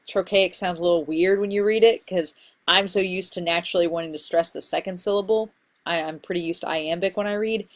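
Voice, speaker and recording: A woman instructor giving a casual recorded lecture on poetry terms, explaining in a relaxed, conversational way with fillers. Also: on the low side. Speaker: college literature instructor.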